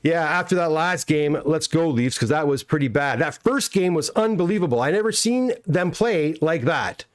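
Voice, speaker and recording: A man's voice: a little high, lively intonation, moderate pace, hardly any pauses. A middle-aged Canadian man hosting a casual live stream from his home workshop. He reads viewer comments aloud and answers each one with a chatty, self-deprecating manner. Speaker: comic book pressing business owner streaming a live unboxing.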